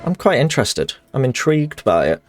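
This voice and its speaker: A man's voice: medium pitch, sing-song, fairly quick, slight background noise. A man streaming a game, chatting casually in a rambling, sweary way that often corrects itself.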